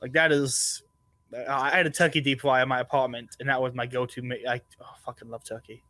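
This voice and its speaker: A man's voice: medium pitch, flat delivery, a little fast, pushed and bright, no echo. A man hosting a podcast, telling stories in loose, casual chat with a lot of swearing. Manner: loose, profane storytelling. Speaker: podcast host.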